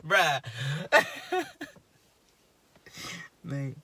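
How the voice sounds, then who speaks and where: A man's voice: high voice, wildly swooping pitch, very slow, sharp tone, dry recording. A British man hosting a reaction video, chatting casually with slang and frequent laughter.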